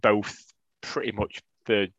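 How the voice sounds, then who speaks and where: A man's voice: on the low side, steady tone, slow pace, a bit bright, highs cut off. A man co-hosting a casual football podcast, chatty and self-mocking. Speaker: podcast co-host.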